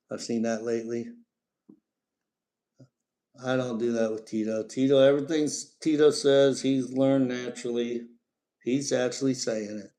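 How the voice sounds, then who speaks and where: A man's voice: mid-range voice, darkish tone. A middle-aged man, chatting casually on a live stream about his pet parrot and breaking off to talk to the bird.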